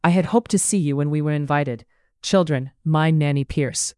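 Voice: mid-range voice, moderate pace, a little mellow, smooth, dry recording, clean studio sound, close to an everyday voice. An audiobook narrator voicing a tender young mother greeting an old friend of her family. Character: young mother, warm and tearful at a reunion.

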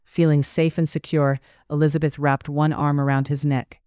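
An audiobook narrator giving a steady, even reading of a period romance story. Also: medium pitch, moderate pace, no echo, studio quality.

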